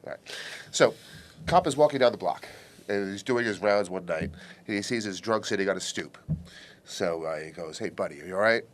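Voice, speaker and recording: A man's voice: lowish voice, moderate pace, pauses often. A man telling a joke in casual conversation, narrating it plainly.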